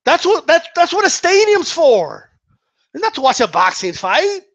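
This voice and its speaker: Profane, ranting man with a high voice. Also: moderate pace, dry recording. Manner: animated, sarcastic, swears constantly, laughs often. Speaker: boxing commentator.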